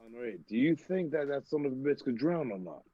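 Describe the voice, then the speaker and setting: A player in a tabletop game, bantering in an excitable, pushy way. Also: medium pitch, a little fast, no echo, lo-fi sound. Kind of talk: casual game chat.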